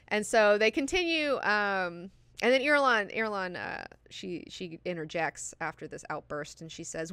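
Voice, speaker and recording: Bright-voiced chatty woman hosting a book club. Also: medium pitch, expressive, normal speed, smooth, no room sound. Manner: chatty, profane, enthusiastic, many likes and fillers. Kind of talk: casual book discussion lesson.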